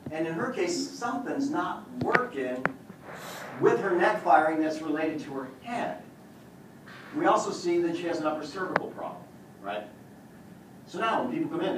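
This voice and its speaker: A man's voice: on the high side, slight background noise. Male chiropractor, joking and boastful live demo presenter, heard from a distance in a very echoey room. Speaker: chiropractor demonstrating on a patient. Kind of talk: live demonstration talk to an audience.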